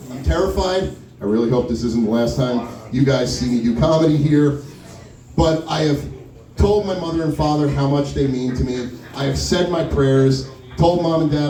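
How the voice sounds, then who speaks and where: A man's voice: on the high side, a little fast, dark tone. A stand-up comedian, a man, telling self-deprecating, rambling stories on stage in a lounge. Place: wine lounge, live stage. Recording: roomy live room from far off.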